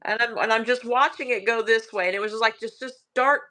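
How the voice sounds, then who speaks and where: A woman with a Southern US accent casually recounting a ghost story, hushed and halting with many fillers. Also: on the high side.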